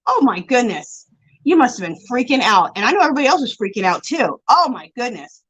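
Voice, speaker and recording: This craft livestream host talks briskly in a slightly high, husky voice, and the audio quality is poor. As she handles her yarn, she reads comments, calls out viewers by name, and gushes in a chatty, lively manner.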